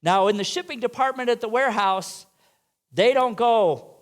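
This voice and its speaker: A minister with a very high voice preaches a sermon in a church sanctuary at normal speed. He poses rhetorical questions to the congregation and throws in playful asides.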